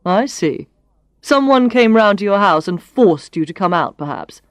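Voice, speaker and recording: A woman's voice: medium pitch, animated, normal speed, dry recording, natural voice. A woman voicing a confident, teasing male boss in a storybook reading. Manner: dry, teasing.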